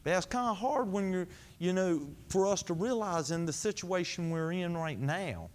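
A man preaches to his congregation in a high voice, asking questions and answering them himself. He swings between high, emphatic lines and low, quiet ones. His voice rings out with a long reverb from the hall around him. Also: lively intonation, normal speed. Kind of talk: sermon.

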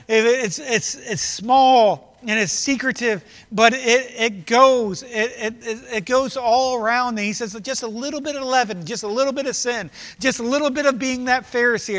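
A man's voice: very high voice, fairly bright tone, big-room sound. A man preaching a sermon in a church, emphatic and passionate, acting out quoted lines. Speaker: pastor. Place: church sanctuary.

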